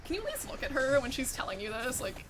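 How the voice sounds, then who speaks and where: This VTuber's voice sits high and swings widely in pitch, quick and fairly bright, with slight background noise. She's a young adult woman gaming on stream, lively and casual, cursing freely and leaning on "like".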